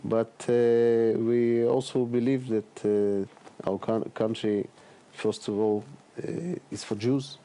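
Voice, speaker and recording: A middle-aged man answering interview questions as a politician guest, speaking haltingly with many fillers and repeated words. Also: medium pitch, fairly even intonation, warm tone.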